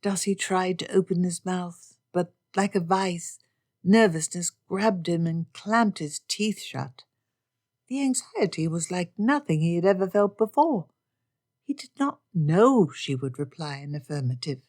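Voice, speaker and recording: A woman narrating an audiobook in a steady, expressive reading style. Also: lowish voice, unhurried. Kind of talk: scripted narration.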